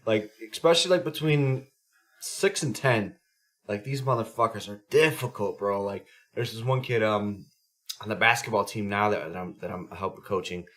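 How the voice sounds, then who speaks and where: A man telling coaching stories in a casual, profane podcast chat, animated and swearing often. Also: lowish voice, moderate pace. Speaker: podcast host; youth sports coach.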